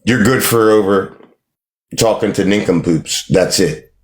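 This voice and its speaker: A man's voice: fairly low pitch, measured pace. Dismissive man lecturing on a live stream. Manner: dismissive, lecturing, repeats himself. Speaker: livestream host. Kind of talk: combative live-stream chat.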